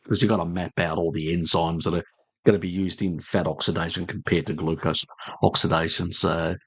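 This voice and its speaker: A man's voice: sits low, steady tone, a little fast, breathy edge, no room sound. An Australian man from Tasmania hosting a live stream, chatting casually with viewers in a blunt, joking, rambling way full of fillers. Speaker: live stream host answering chat.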